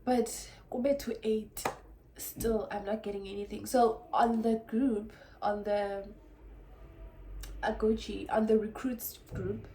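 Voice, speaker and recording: A young South African woman tells a story to her camera in a chatty, animated way, switching between languages now and then. Her voice sits at a middle pitch, and the room around her echoes, with a faint hum of ambience underneath. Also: slow. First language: Xhosa. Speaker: vlogger. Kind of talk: casual storytime.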